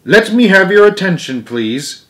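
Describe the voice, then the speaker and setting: A man voicing a tiny, prim male mouse who is a substitute teacher, brisk and bossy. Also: high-pitched, sing-song, fairly bright tone, voice pushed up, full character voice. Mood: commanding. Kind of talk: storybook reading.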